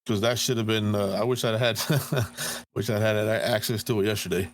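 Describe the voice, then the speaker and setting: A man's voice: lowish voice, fairly even intonation, moderate pace, slight background noise. A man in his thirties on a podcast, telling a story in a profane, heated way. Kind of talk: casual podcast chat.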